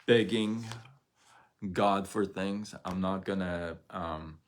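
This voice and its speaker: A man's voice: low-pitched, slow pace, slight background noise. A middle-aged man hosting his own livestream, talking candidly and rambling to viewers with frequent restarts and chuckles. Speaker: live-stream host. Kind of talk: casual livestream talk to viewers.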